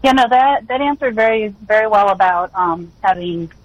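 A woman calling in to a radio show, putting her question hesitantly with many pauses and fillers. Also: mid-range voice, muffled recording, slight background noise. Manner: hesitant, full of ums and likes. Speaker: caller.

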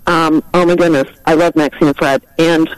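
A middle-aged woman calling in to a radio show, telling a heartfelt story in a halting way with many ums. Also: deep voice, steady tone, no room sound, rough recording. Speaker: caller. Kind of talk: call-in radio testimony.

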